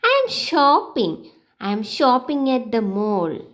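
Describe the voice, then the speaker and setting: A woman teaching English goes through simple drill sentences for beginners in a sing-song fashion. She speaks slowly and clearly in a bright, high voice.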